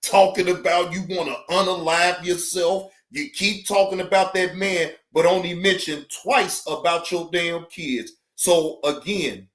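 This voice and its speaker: A man's voice: high voice, fairly even intonation, unhurried, few pauses, a bit bright. A man hosting a reaction channel, giving blunt, profane, preachy commentary in a casual tone.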